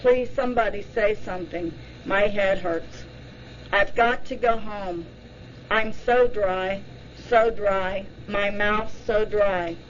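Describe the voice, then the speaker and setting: A woman reading the part of a terrified woman under hypnosis, pleading and frantic as she relives a night drive. The voice sits at a middle pitch and moves slowly. The recording is dull and lo-fi, with faint noise underneath. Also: lightly acted. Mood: frightened pleading.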